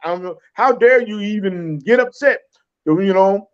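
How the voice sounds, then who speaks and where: High-voiced man, rambling podcast talk. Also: a little slow, smooth, muffled recording. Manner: rambling, many fillers and restarts, laughs often.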